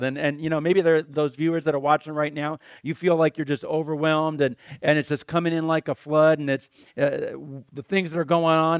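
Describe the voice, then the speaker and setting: A man's voice: fairly high pitch, level tone, fairly quick, hardly any pauses, clear, resonant tone, no room sound, studio quality. Rambling Christian talk-show host, man. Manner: rambling, repeats words, exclaims "crazy". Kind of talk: casual conversational preaching.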